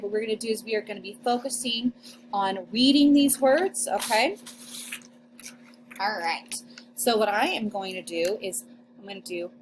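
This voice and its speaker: Teacher woman sounding out syllables slowly. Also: on the high side, a little hiss or hum. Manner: slow, exaggerated sounding-out of syllables. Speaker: second grade teacher. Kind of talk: recorded phonics lesson for children.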